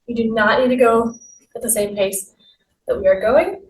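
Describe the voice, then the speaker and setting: A woman with a fairly high voice, speaking at a moderate pace, leads an exercise class as its fitness instructor, giving positive, encouraging cues while she moves. The sound is roomy and distant, with faint noise.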